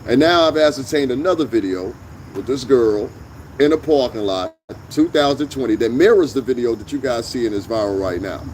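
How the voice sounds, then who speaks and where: A man's voice: mid-range voice, a little mellow, slight background noise. A man hosting a commentary vlog, ranting bluntly with heavy profanity and emphatic jabs. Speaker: vlog host. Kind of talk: opinionated commentary rant.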